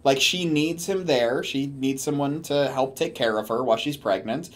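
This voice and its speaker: A man's voice: medium pitch, moderate pace. A man giving comedic commentary on a story he is reading along with, sarcastic and swearing as he mocks it. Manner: sarcastic, swearing, mocking rants. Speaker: commentary host.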